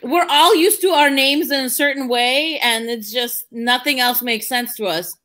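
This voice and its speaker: Giggly high-voiced woman with an accent. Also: moderate pace, bright, forceful tone. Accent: non-native English. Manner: hesitant, giggly. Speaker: guest. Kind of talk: live-stream chat.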